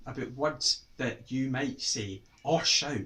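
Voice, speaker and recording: A man with a Scottish accent giving a playful lesson to children, with animated, exaggerated exclamations. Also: medium pitch, takes it slowly. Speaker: writer teaching children.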